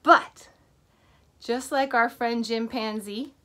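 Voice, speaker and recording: A woman teacher reading a picture book to children in an animated way, stopping to ask them questions. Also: fairly high pitch, slow, noisy background.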